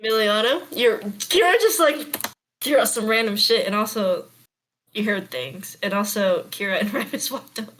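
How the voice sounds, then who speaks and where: Bright-voiced woman game master. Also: mid-range voice, normal speed, slight background noise, poor audio. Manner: casual, laughing often. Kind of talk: narrating a tabletop game.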